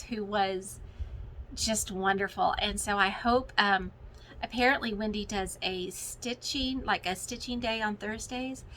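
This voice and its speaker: Woman, middle-aged, excitable, gushing, bright voice, faint background noise. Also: mid-range voice, poor audio. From Texas. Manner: gushing and excitable, many fillers. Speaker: cross-stitch vlogger. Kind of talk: casual chat to viewers. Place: home, with children and TV in the background.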